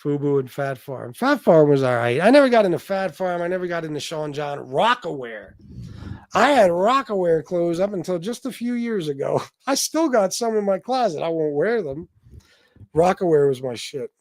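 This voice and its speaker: This livestream host, a man in his forties, chats casually, rambling, joking, swearing a lot, and stammering when flustered. His voice is a little high with big pitch swings and a moderate pace, captured as a dry, studio-quality recording.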